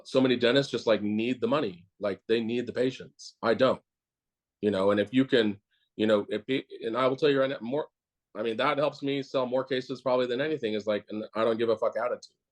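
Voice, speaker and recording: A man's voice: medium pitch, brisk. Blunt, profane man dentist. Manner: blunt, rambling, profane, with many fillers. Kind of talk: casual interview talk.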